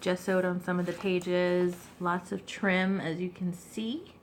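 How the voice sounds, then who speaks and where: A woman giving a relaxed, chatty show-and-tell of her handmade journal, clearing her throat now and then between fillers. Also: lowish voice, a little slow, slight background noise. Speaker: craft vlogger. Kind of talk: casual show-and-tell craft video.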